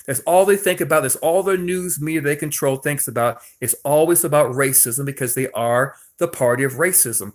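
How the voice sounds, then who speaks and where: A man delivering a political commentary monologue in an emphatic, repetitive, preachy way, often restarting his sentences. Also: medium pitch. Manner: frequent restarts and stumbles.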